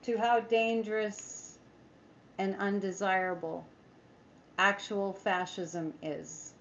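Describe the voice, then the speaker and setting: A woman's voice: medium pitch, steady tone, slow pace, highs cut off, a little hiss or hum. A woman psychic chatting casually on a livestream, rambling, reading viewer comments aloud and making sarcastic asides. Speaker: psychic tarot reader.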